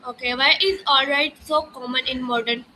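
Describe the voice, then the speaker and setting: A woman student reads out her interview questions haltingly, pausing and restarting. Her voice is high and bright, with faint background noise behind it. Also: steady tone, rough recording. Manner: halting, hesitant delivery. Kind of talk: reading prepared questions.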